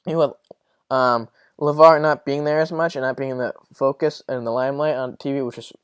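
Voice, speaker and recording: A man's voice: medium pitch, fairly even intonation, a little fast, clear, resonant tone, no room sound, clean studio sound. A young man hosting a casual solo sports podcast, rambling and swearing as he rants. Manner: rambling, profane, exasperated. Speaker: podcast host.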